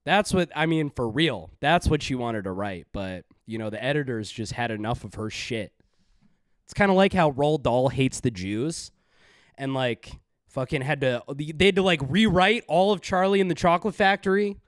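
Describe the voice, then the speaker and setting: A man's voice: mid-range voice, normal speed, no echo. Guy hosting a stream, rambly, crude, dry mic. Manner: rambling, crude jokes, filler-heavy. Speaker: stream host. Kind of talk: casual stream banter.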